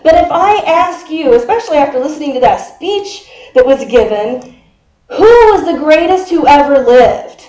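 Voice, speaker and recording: A chatty, animated woman pastor in her fifties gives a conversational sermon at normal speed, quizzing her congregation and laughing often. Her voice is high yet mellow, echoing through the church sanctuary.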